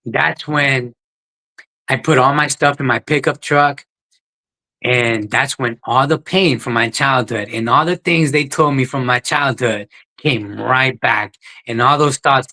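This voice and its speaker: Guy on a podcast, earnest and plain-spoken, middle-pitched voice, just telling it straight. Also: measured pace, bright, forceful tone, poor audio. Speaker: guest, ultra runner. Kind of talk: podcast interview, personal story.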